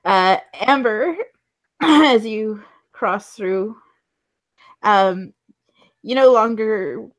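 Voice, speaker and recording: A woman's voice: medium pitch, drawn-out words, long pauses, rough recording. A woman running a tabletop game as storyteller, narrating casually with lots of fillers, restarts and laughter. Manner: giggly, with many fillers and restarts.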